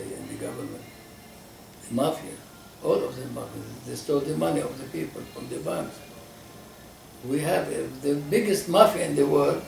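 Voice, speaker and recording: An older man from Lebanon with a Lebanese accent, answering interview questions in a halting, emphatic way, often restarting his words. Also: mid-range voice, creaky, echoey room, recorded from a distance, slight background noise, rough recording. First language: Lebanese Arabic. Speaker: political party founder.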